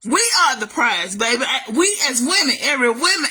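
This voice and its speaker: Fired-up woman ranting on camera about family, high bright voice, keeps calling the listener baby. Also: very animated, moderate pace, slightly rough. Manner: heated, calls the listener baby, swings loud and high. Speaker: vlogger. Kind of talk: emotional family rant to camera.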